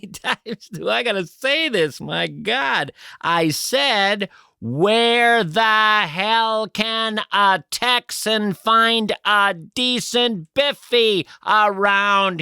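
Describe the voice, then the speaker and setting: Guy putting on a rude yelling american tourist, high and gravelly, dead dry sound. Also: no echo, full character voice. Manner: shouting slowly and rudely. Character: loud, impatient male American tourist abroad.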